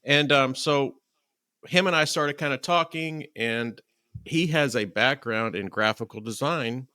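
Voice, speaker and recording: Casting: male podcast host, bright, punchy voice, dry close mic, chatty storyteller. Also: mid-range voice, measured pace, no room sound. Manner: chatty, animated storyteller acting out quotes. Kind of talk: casual interview chat.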